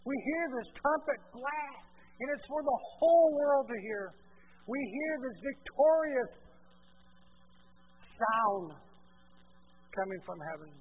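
High-pitched guy preaching, asks the crowd stuff, gets loud then quiet, sounds like an old phone recording. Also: animated, takes it slowly, pauses often, slightly rough, narrow, tinny audio. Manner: swings from quiet asides to loud shouted exclamations; asks the congregation questions. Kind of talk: sermon.

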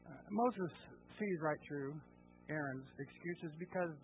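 A male pastor preaching a sermon, asking the congregation rhetorical questions and swinging between quiet and loud. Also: fairly high pitch, a little slow. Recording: tinny phone-like sound.

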